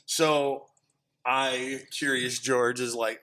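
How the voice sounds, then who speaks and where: Animated man telling road stories. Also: medium pitch, fairly quick. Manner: animated, swears freely, acts out quotes. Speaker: DJ guest. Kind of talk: casual storytelling interview. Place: indoor studio loft.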